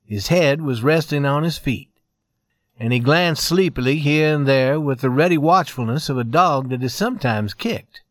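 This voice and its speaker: A man reading a western story aloud in a measured, expressive narration. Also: mid-range voice, no room sound, studio quality.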